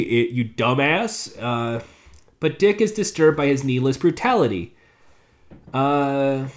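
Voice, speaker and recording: A man casually recapping a TV episode, rambling with sarcastic asides. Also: on the high side. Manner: rambling, with many fillers and restarts. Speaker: show reviewer.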